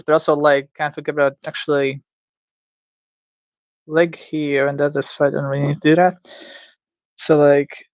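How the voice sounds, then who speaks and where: In dull audio with no echo, a man with a voice on the high side chats to himself on a livestream. Indoors at home, he draws game creatures and thinks aloud, rambling with stammers, restarts and playful asides.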